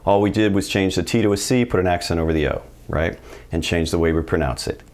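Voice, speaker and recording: Deep-voiced casual male language teacher. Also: fast talker, darkish tone. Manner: upbeat, casual, explains step by step. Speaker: Spanish teacher. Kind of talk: friendly video lesson.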